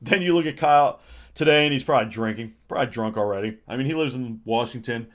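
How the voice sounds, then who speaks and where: A man rambles sarcastically on a livestream, chuckling as he goes. His delivery is loose and conversational, the tone of a host thinking out loud to his viewers. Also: mid-range voice, fast. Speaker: streamer. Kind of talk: casual livestream chat.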